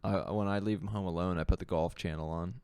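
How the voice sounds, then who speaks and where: A man co-hosting a casual podcast chat, easily excited, joking and laughing often. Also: low-pitched, quick pace, vocal fry, clear, resonant tone, no room sound. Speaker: podcast co-host.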